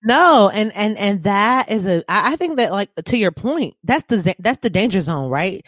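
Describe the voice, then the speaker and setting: A woman co-hosting a casual chat, expressive and full of loud, hyped-up mimicry. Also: medium pitch, normal speed, no echo, clean studio sound.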